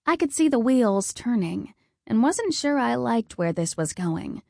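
A woman narrating a first-person fantasy story in a calm, even storytelling manner. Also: fairly high pitch, a little slow, gravelly, no echo, clean studio sound. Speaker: audiobook narrator.

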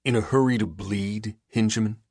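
A man's voice: on the low side, steady tone, normal speed, breathy edge, no room sound, studio quality, voice pushed up. A man playing a sly, taunting cutthroat. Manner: taunting, breezy and bright. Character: sly, cruel male criminal, mocking and menacing. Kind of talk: audiobook character voice.

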